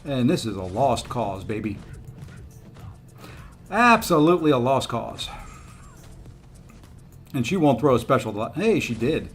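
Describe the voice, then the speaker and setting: A man's voice: mid-range voice, big pitch swings, unhurried, long pauses, soft background music. A man streaming a mobile fighting game, talking to himself and his chat in a rueful, easygoing way. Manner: rueful, self-talking, coaxing the opponent. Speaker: gaming streamer. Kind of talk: casual gameplay commentary.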